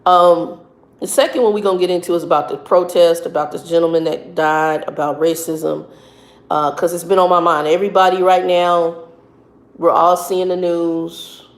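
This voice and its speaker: A woman truck driver and minister giving casual, earnest advice, often halting and repeating words as she talks. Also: on the low side, little pitch movement. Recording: echoey room.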